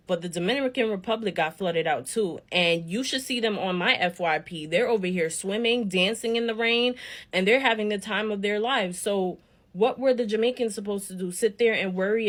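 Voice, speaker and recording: A woman's voice: medium pitch, fairly bright tone. A woman, giving an emphatic social media rant and counting off her points one by one. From United States.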